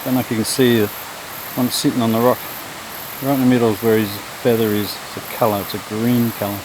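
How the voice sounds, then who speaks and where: A man giving relaxed, low-key commentary to the camera as he walks a garden trail beside a stream. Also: fast. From Australia. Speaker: vlogger. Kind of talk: casual walking commentary. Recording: outdoor noise, running stream behind.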